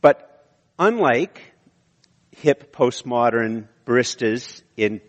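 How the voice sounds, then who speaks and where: Male preacher, mid-pitched, loose and conversational, lots of restarts, long hall reverb. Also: lively intonation, slow. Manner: conversational, with frequent restarts and fillers. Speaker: pastor. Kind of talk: sermon.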